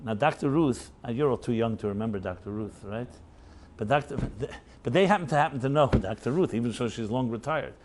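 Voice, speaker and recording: A male rabbi telling stories at a workshop, speaking in a relaxed conversational way. He often chuckles at his own anecdotes and drops in little "right?" checks to the room. He talks loosely, with plenty of "uh"s and restarts. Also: mid-range voice, brisk, slight background noise. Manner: anecdotal, chuckling, filler-heavy; conversational, audience tag questions. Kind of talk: storytelling workshop talk.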